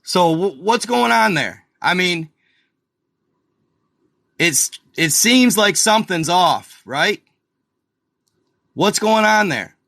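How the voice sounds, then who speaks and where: A man hosts a live stream from a computer at home, talking slowly and loosely over a map and calling his viewers y'all. His voice is bright and sits a little high. The sound is dry and close, with the mic near him and almost no room around it. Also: animated, gravelly, no room sound. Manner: slow, rambling, addresses viewers as y'all; exasperated asides, mutters to himself. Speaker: channel host.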